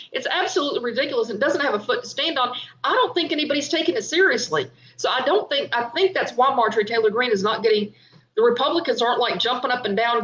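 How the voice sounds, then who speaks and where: Excited woman livestreaming commentary. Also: fairly high pitch. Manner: excited, emphatic, addresses viewers directly. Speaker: political commentary host. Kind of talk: Facebook live political commentary. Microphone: webcam or phone on livestream. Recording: echoey room, slightly muffled livestream audio.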